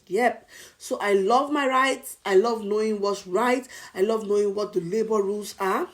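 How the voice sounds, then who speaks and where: A Nigerian woman talks straight to camera in a casual advice vlog. She drives her points home by repeating them, with an emphatic, coaching delivery. Her voice sits at an everyday middle pitch. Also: moderate pace. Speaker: advice vlogger.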